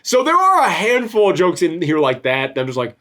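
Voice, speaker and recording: A man's voice: sits high, huge pitch swings, a little fast, a bit bright. A man hosting a casual film-review chat, rambling and swearing freely. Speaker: podcast host reviewing a film.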